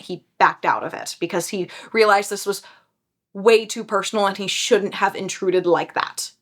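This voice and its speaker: A young woman casually retelling a book series, animated and chatty, jumping into quick voices for the characters. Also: mid-range voice. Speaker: book reviewer.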